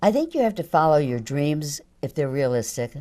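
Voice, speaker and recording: Older female guest, low register, easygoing, self-mocking. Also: very animated, moderate pace, mellow. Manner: chatty, laughs often, self-deprecating. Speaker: voice actress guest. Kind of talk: casual interview chat.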